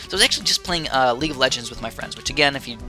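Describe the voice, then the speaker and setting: A man's voice: medium pitch, lively intonation, rapid-fire, sharp tone, soft background music. A young man giving casual, chatty commentary over his strategy game, wandering into rambling asides. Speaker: gaming YouTuber.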